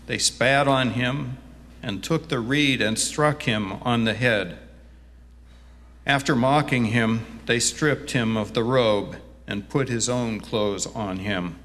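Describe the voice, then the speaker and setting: A man serving as pastor, giving a scripture reading and sermon in a church, reading slowly and deliberately and growing animated as he preaches. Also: mid-range voice. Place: church sanctuary. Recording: long reverb from a church hall.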